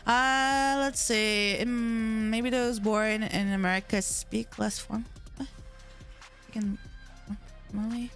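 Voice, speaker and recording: A woman's voice: on the high side, steady tone, slow pace, a bit bright, faint music behind. A young woman livestreaming from home, chatting casually with her chat in a rambling way, full of "like" fillers, into a desk mic.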